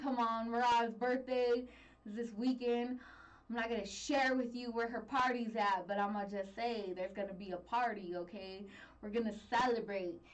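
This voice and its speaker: An upbeat woman hosts a live stream in a bright, high voice, greeting viewers by name in easy casual chat. She sits a little back from the mic. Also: distant mic, poor audio. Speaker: livestream host. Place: Denver, Colorado.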